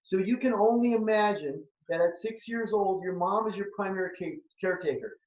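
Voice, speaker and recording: A man's voice: sits high, brisk. A man in his fifties from Minnesota, a functional medicine doctor giving a webinar, talking earnestly and with emotion, repeating phrases for emphasis. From Minnesota, United States. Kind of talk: webinar presentation, personal story and pitch. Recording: echoey, distant, muffled room sound.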